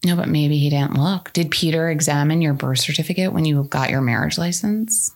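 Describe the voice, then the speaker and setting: Chatty animated woman. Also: low voice, fairly quick. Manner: animated storyteller, slips into mock British accent. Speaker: podcast host. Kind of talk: casual chat.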